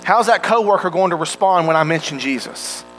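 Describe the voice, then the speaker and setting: A man's voice: a little high, animated, a little fast, fairly bright tone, faint music behind, poor audio. A man preaching a sermon in an earnest way, asking his listeners direct questions.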